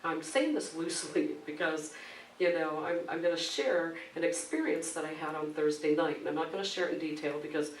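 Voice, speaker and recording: Lively woman minister in an echoey church. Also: sits low, a little fast, slight background noise. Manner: animated storytelling, laughs often, acts out quoted voices. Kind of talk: conversational sermon with personal story. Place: church sanctuary. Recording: echoey room, mic at a distance.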